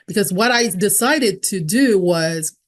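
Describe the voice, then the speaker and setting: A woman in her fifties, a guest telling her own recovery story, speaking frankly and casually, with lively jumps in pitch when she acts out what people said. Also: a little slow. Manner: animated, jumps in pitch when acting out quotes; frank and conversational, with many fillers. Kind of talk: candid personal storytelling.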